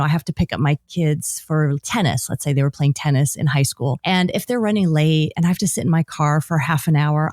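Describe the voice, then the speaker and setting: A middle-aged woman, a guest author in a casual interview, talking lively and acting out quotes in a higher voice. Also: no echo, clean studio sound.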